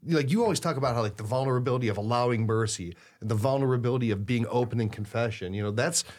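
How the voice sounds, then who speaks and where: A man hosting a talk show, chatting in a relaxed, conversational way full of fillers. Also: mid-range voice, rapid-fire. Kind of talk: casual podcast chat.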